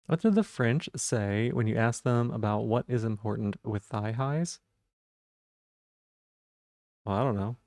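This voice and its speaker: A man's voice: fairly low pitch, animated, a little slow, long pauses, darkish tone, no echo, clean studio sound. A man streaming live, chatting casually and playfully while he repeats silly puns and rambles.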